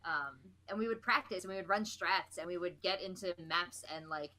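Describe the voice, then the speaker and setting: A woman's voice: lowish voice, moderate pace, bright, forceful tone. A woman in her thirties from New Jersey, chatting easily as an interview guest and laughing often. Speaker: guest, esports host. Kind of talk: casual interview chat.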